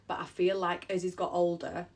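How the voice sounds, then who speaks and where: A woman's voice: on the low side, completely flat delivery, normal speed, darkish tone. A woman, an emotional mother of three telling a personal story, close to tears and repeating herself. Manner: heartfelt, rambling, repeats phrases. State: on the verge of tears.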